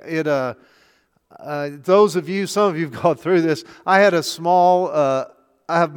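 A man's voice: on the high side, clear, resonant tone. An older man, a pastor, preaching a chatty sermon full of rhetorical questions. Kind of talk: conversational sermon. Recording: long hall reverb.

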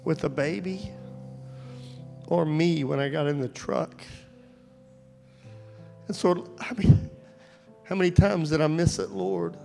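Man, preacher, sermon, fairly high voice, gravelly, storytelling turning fervent, soft music behind. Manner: storytelling, growing fervent and pleading. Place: church service.

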